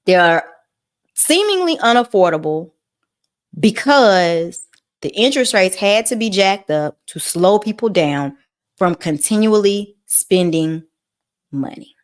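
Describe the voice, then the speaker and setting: Woman host, casual money talk, bouncy pitch, folksy and animated. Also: unhurried. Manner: animated, folksy, mock-quoting others in high voices. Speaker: mortgage commentator, channel host. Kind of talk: casual talk to camera about the economy.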